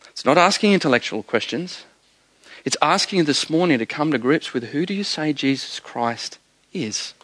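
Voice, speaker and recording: A male pastor giving a conversational, humorous sermon. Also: fairly high pitch. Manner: conversational, animated preaching with humor.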